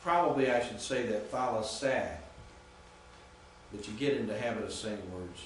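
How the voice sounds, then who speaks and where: A male professor giving a classroom lecture, patiently spelling out Greek sounds and repeating words slowly. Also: medium pitch. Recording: echoey classroom from far off with faint noise.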